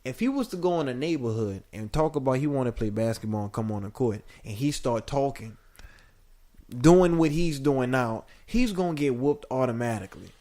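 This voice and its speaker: Playful male podcast co-host, rambling and animated, average pitch. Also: moderate pace. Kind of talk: casual chat.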